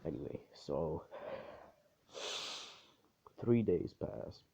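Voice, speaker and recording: Deep, husky man rambling through a story. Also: expressive, extremely slow, warm tone, lo-fi sound. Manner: rambling, profane, filler-heavy. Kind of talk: casual fan-story narration.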